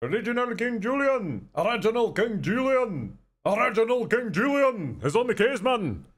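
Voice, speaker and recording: A man's voice: very high voice, big pitch swings, normal speed, pitched above the performer's own voice, heavily acted. A man doing a silly, flamboyant party-king impression. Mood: goofy. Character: flamboyant male lemur king, party-loving.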